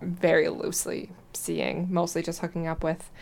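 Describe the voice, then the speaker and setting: A young woman with a slightly low-pitched voice chats casually with friends on a podcast. She tells her stories with energy, acting out the lines of the people in them. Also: normal speed, creaky. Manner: animated storytelling, mimics others in quoted lines. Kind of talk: casual chat.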